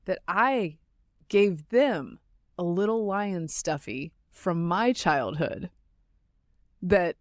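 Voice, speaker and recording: Woman in her 40s, podcast host, lively storyteller with frequent laughs, dry close mic. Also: fairly low pitch, very slow, long pauses, no echo. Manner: animated storytelling, laughs often. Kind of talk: casual chat.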